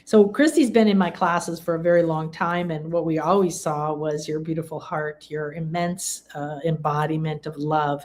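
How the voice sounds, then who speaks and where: A woman from England hosting a live spiritual talk, gushing and rambling, with bursts of excited exclamation. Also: lowish voice. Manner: rambling, with frequent restarts and fillers. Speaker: spiritual teacher and live-stream host.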